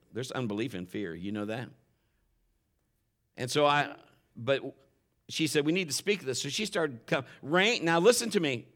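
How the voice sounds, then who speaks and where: A man preaching a sermon, often climbing louder and higher when he drives a point home. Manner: impassioned, rises sharply in pitch and volume when stressing points; admits getting emotional while preaching. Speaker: pastor.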